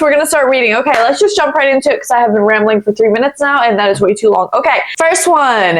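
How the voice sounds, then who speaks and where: Chatty woman vlogger with a higher voice, reads posts aloud and rambles in blunt asides. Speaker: YouTuber reading online posts. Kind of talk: casual chat and reading with commentary. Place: home office.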